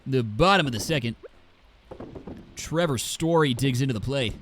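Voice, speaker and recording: A man's voice: medium pitch, normal speed, fairly bright tone, faint music behind, pitched above the performer's own voice, lightly acted. A man putting on a nasal, congested male sports announcer voice with stretched vowels. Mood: announcing.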